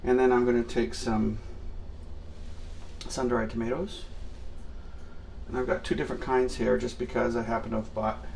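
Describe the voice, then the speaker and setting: Gravelly man chatting through a cooking demo. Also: medium pitch, a little hiss or hum. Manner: rambling and self-mocking, with many fillers. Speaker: home cooking host. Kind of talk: casual cooking demonstration.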